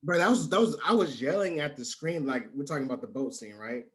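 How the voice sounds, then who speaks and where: A man's voice: fairly high pitch, animated, quick pace. A man co-hosting a podcast, chatting casually with blunt, profane banter. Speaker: podcast co-host. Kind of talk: casual chat.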